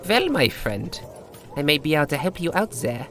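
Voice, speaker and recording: A man's voice: a little high, very animated, normal speed, a bit bright, soft background music, voice pushed up. A man voicing an older male bartender, stern but sly, who speaks in an odd, unplaceable way. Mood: coaxing.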